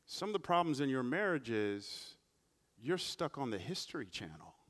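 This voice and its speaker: Bright-voiced man preaching a sermon. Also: sing-song, normal speed. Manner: preaching with big swings in pitch and loudness; humorous, conversational asides. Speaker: pastor.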